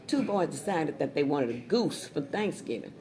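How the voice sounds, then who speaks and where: A woman chatting casually as she pitches her Spanish dictionary, repeating words and laughing at her own jokes. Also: sing-song, normal speed, dark tone. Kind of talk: casual sales chat with jokes. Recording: crowd noise behind.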